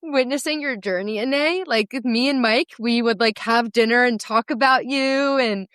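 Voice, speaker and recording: A woman's voice: on the high side, normal speed, a bit bright, no echo, studio quality. A young woman hosting a podcast as a sales coach, gushing and emotional as she affirms her guest.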